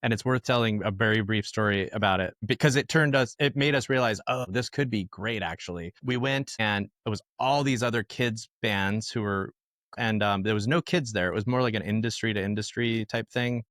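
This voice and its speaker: A man, a musician guest on a podcast, telling lively conversational anecdotes in a casual storytelling style. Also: on the low side, brisk, no room sound, studio quality.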